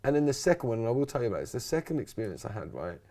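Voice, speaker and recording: A resilience coach, interviewed as a podcast guest, tells his story in rapid-fire fashion with a medium-pitched voice. He's an animated storyteller who acts out the quotes and tags lots of lines with "right?" and "yeah?".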